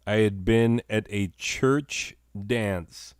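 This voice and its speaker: Slow, deep-voiced rambling comedy host. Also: male voice, clear, resonant tone, no echo, clean studio sound. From Arizona. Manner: self-deprecating, digressive, chuckling asides.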